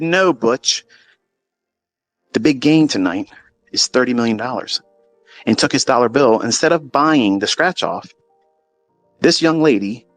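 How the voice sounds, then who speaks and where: A middle-aged man telling a casual story to his audience in a blunt, profane, mocking way. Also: lowish voice. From Maryland, USA. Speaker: trading educator.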